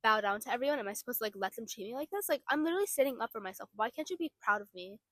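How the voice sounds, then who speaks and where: A woman's voice: fairly high pitch, lively intonation, rapid-fire, fairly bright tone, no room sound, studio quality. A young woman co-hosting a casual chat, agreeable and full of "like" fillers. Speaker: podcast co-host.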